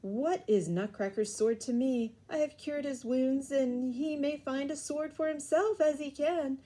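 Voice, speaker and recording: A woman voicing an odd old male godfather and clockmaker in a storybook reading, chanting in a grating monotone. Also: fairly low pitch, extremely slow. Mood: irritated.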